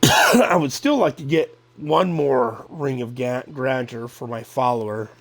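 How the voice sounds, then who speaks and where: A middle-aged male game streamer chats casually while he plays. He rambles and thinks aloud, taking his time. His pace stays slow and unhurried. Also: medium pitch. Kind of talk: casual gameplay chatter.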